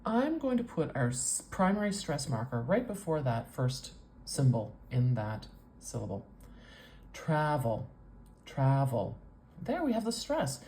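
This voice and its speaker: A woman with a North American accent, teaching as a speech coach with patient explanations and drawn-out sound demonstrations. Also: sits low, mellow, slight background noise. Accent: North American English. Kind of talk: teaching with a whiteboard demo.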